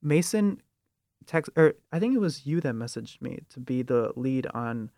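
A young student actor talking casually in a halting, hesitant way and laughing easily. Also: male voice, medium pitch, expressive, dark tone, no echo, studio quality. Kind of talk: casual panel chat.

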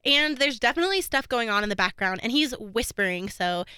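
A woman's voice: fairly high pitch, lively intonation, a little fast, pushed and bright, clean tone, dry recording. A young woman co-hosting a true crime podcast, chatting casually with lots of fillers and laughs. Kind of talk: casual chat.

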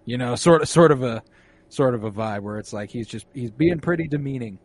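A man's voice: medium pitch, animated, fairly quick. A young man in casual conversation about a movie, laid-back and given to swearing, now and then acting out the characters' lines. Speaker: co-host discussing a film. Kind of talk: casual chat.

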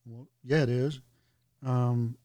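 A man with a middle-pitched voice gives blunt, opinionated remarks in a casual podcast chat. The sound is close and dry, with no room sound. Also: fairly even intonation, slow pace, dark tone, no room sound.

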